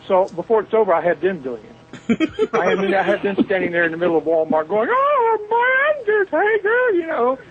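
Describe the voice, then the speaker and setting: On a phone interview, this Southern-accented, middle-aged guest from Mobile, Alabama, spins folksy, boisterous tales full of jokes. He sounds high-pitched and expressive, talks a little fast, and the audio is dull.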